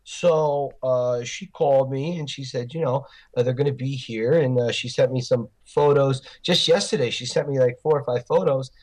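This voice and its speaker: A man who gives film tours, chatting in an interview as an animated storyteller with many fillers and restarts. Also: medium pitch, normal speed, few pauses. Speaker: Rocky film tour guide. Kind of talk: casual interview chat.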